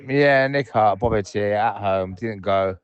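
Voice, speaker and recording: A man's voice: lowish voice, measured pace, lo-fi sound. A man leaving angry, rambling, swearing voicemail messages from his sofa at home. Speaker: voicemail caller. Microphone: phone voicemail.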